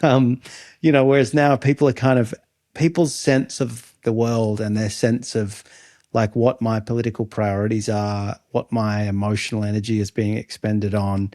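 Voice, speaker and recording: A man's voice: fairly low pitch, level tone, normal speed, dark tone, no room sound, studio quality. An Australian man in his thirties, co-hosting a podcast in casual chat and musing aloud with many restarts. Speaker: podcast co-host.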